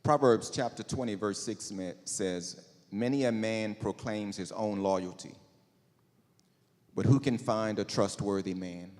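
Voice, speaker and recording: A man speaks in a low, mellow voice. He delivers his closing statement in a sincere, preacherly way. His words ring out with the long reverb of a school auditorium. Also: unhurried. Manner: preacherly, quotes scripture, sincere. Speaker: candidate for parish president. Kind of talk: closing statement at a candidates forum.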